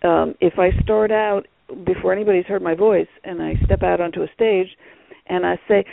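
A man's voice: high voice, steady tone, normal speed, vocal fry. A man talking as an author guest on a radio interview, rambling with many fillers over a phone line.

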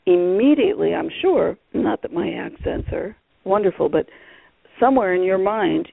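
A man's voice: sits high, lively intonation, normal speed, creaky, dry recording. A man talking as an author guest on a radio interview, rambling with many fillers over a phone line.

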